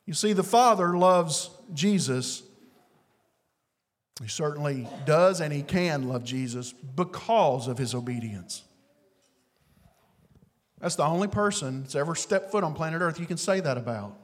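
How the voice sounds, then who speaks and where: Man preaching slow, big swings loud to hushed, long echo off a big church hall. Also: a little high, lively intonation. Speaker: pastor. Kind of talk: sermon.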